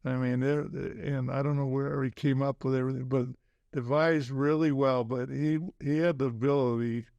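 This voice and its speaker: An older man, a former basketball coach, talking as a podcast guest in a halting way, full of restarts and "you know". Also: medium pitch, level tone, gravelly, mellow, no echo, dull audio. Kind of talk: casual interview chat.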